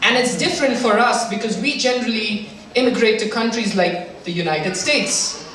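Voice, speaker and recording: A man from India, doing an animated stand-up comedy set before a live audience. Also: sits high, moderate pace. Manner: animated, shifts into mock German voices for punchlines. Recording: echoey hall mic from far off, crowd laughter and hum.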